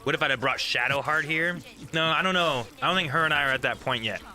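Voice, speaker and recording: Bright-voiced, easygoing man streaming. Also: a little high, fast, soft background music. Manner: easygoing, thanks viewers and steers the group. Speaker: streamer and host. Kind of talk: casual live-stream chat.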